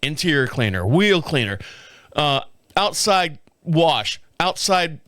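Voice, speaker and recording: A middle-aged man rambles through a casual, foul-mouthed story, voicing little sound effects along the way. His voice sits high for a man. The sound is close and dry with no room around it. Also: slow pace, no echo. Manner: profane, rambling, animated with laughs and sound effects. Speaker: podcast host.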